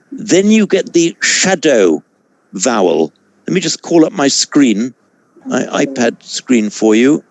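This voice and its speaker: A man teaching a Sanskrit class over a video call, explaining pronunciation in a measured way with frequent self-corrections. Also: on the high side, dry recording. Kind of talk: online class lecture.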